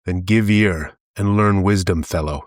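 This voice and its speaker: Bellowing, bragging fat rogue with a low, dry voice, as a male narrator puts him on. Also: measured pace, no echo. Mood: lecturing. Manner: blustering, mocking. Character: fat boastful middle-aged male rogue, jeering.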